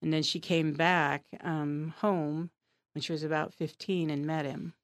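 A woman author answering interview questions thoughtfully, pausing with fillers. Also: low voice, level tone, no room sound, studio quality. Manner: thoughtful, hesitant, many fillers. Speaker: author and guest.

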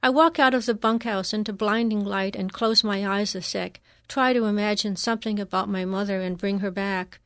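A woman narrating a first-person memoir in a measured, reflective reading. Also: medium pitch, steady tone, a bit bright, no room sound, clean studio sound.

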